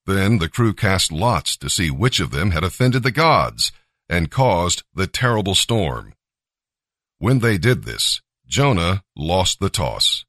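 A man narrating a scripture story in a measured, expressive reading. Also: low-pitched, no room sound, studio quality.

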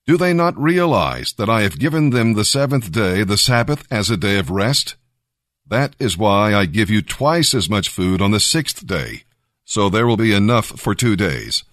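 A man reading the words of the Lord in a Bible story, slow and solemn. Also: lowish voice, sing-song, a bit bright, dry recording, clean studio sound. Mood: commanding. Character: the Lord, solemn commanding divine voice.

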